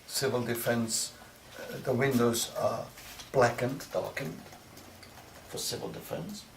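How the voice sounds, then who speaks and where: An older man with a Viennese accent telling his story in an oral history interview, with measured storytelling and vivid recalled dialogue. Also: mid-range voice, gravelly. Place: interview room. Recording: roomy, distant mic with noise.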